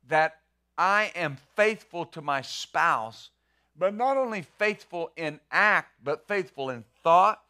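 Middle-aged male pastor, bright and forceful, a bit high, talks his sermon like a chat and repeats words. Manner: conversational preaching with rhetorical questions.

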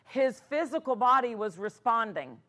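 A woman's voice: a little high, lively intonation, normal speed, fairly bright tone. A woman pastor preaching a sermon in an earnest way, often restarting her phrases.

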